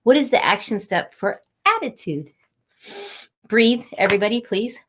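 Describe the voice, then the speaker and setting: A middle-aged woman talking warmly and a little rambling as she encourages viewers during a live motivational stream. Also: on the high side, expressive, moderate pace, slight background noise. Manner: warm, encouraging, rambling and conversational. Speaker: angel card reader and inspirational host.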